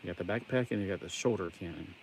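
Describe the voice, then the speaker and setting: A toy collector streamer with a Southern US accent rambles casually while building toys on a live stream, tossing in jokey asides. His voice is low and fast, with a little hiss or hum in the recording.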